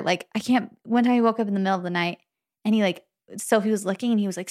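A woman's voice: medium pitch, a little fast, no echo, studio quality. A young woman co-hosting a casual podcast, reading a listener's letter and telling stories with frequent laughs. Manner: chatty, laughs often, animated storytelling. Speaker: podcast co-host.

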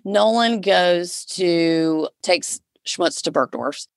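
A woman's voice: fairly low pitch, drawn-out words, no room sound, clean studio sound. A woman co-hosting a podcast, bantering and teasing in casual chat. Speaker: podcast co-host, stylist.

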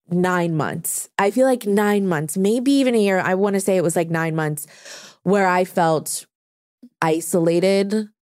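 A woman in her thirties hosting a podcast, talking candidly in casual chat, swearing and speaking in quick bursts. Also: on the low side, darkish tone, no room sound, studio quality. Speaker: podcast host.

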